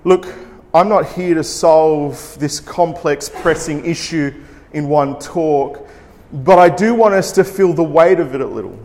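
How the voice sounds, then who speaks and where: Male preacher, slightly high voice, earnest and measured, long hall reverb. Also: a little mellow. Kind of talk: sermon.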